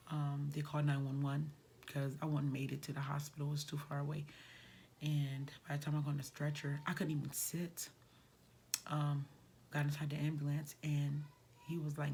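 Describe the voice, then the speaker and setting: A woman's voice: low-pitched, a little mellow, a little hiss or hum. A woman vlogger telling a personal story in a casual, conversational way, sometimes dropping to a near whisper.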